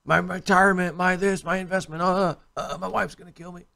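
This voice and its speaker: A man's voice: high voice, fairly even intonation, fairly quick, vocal fry, pushed and bright, voice pushed up, heavily acted. A man doing a whiny, panicking investor. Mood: panicked. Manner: whiny, stammering.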